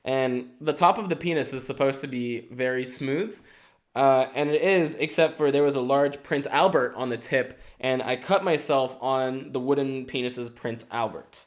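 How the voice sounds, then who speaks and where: A man's voice: mid-range voice, normal speed. A young adult man hosting a podcast, riffing in a casual comedic monologue, rambling and swearing freely. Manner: animated, rambling, swears freely, self-mocking. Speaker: podcast host.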